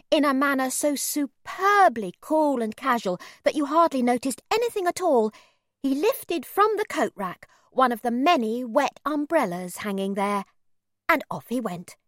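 A woman narrating a first-person children's story in an expressive, measured reading. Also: fairly high pitch, no echo, clean studio sound. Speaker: audiobook narrator.

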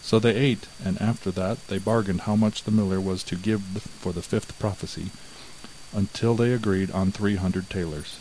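A man narrating a fairy tale from a script in a measured, even way. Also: low voice, a little hiss or hum, low-quality recording. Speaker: storyteller.

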